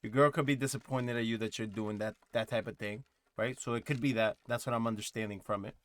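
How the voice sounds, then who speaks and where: A man's voice: mid-range voice, steady tone, quick pace. A man hosting a music reaction video, thinking aloud in a rambling, casual way with lots of fillers and asides.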